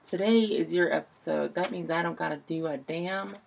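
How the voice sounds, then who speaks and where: Husky laid-back woman podcast host. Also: fairly low pitch. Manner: laid-back, teasing, drawn-out words. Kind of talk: casual chat.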